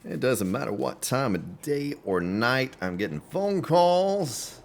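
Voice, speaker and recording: A man's voice: mid-range voice, big pitch swings, takes it slowly, vocal fry. A man commentating his own gameplay on a live stream, chatting along and greeting viewers by name. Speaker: game streamer.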